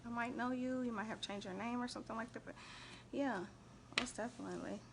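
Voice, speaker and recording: A woman hosting a casual faith and relationship live stream, chatting animatedly and shouting out viewers by name. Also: fairly high pitch, steady tone, a little fast, gravelly, noisy background.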